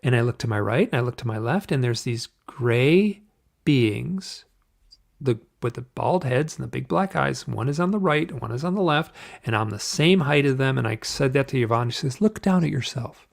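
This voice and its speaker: A man telling a personal story in an interview, halting and restarting often, acting out the voices of the people he quotes. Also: medium pitch, animated, gravelly. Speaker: guest.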